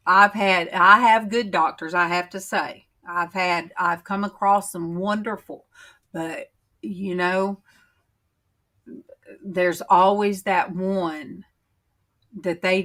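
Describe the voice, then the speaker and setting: Slow, heartfelt woman. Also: on the low side, steady tone, a bit bright. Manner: slow, emotional, heartfelt, many pauses and fillers. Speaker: channel host on a faith livestream. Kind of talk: casual chat, reading viewer comments.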